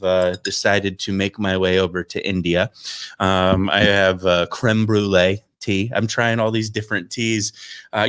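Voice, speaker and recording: Rambling deep-voiced man chatting. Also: fairly bright tone. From Florida. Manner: rambling, chatty, self-mocking. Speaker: stand-up comedian. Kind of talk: casual chat to viewers. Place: home studio.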